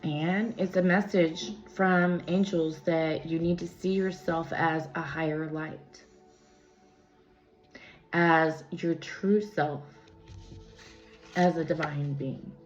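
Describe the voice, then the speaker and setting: A woman's voice: sits low, steady tone, slow, long pauses. A woman giving a casual spiritual tarot reading, rambling and tangential, with many fillers, recorded on a phone. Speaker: tarot reader. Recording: echoey room, dull lo-fi sound, faint music.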